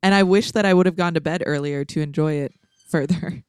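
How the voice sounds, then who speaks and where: A woman's voice: sits low, a little fast, smooth, no room sound, studio quality. A woman who is a pastor, joining a podcast and telling stories in a cheerful, chatty way. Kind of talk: casual podcast chat.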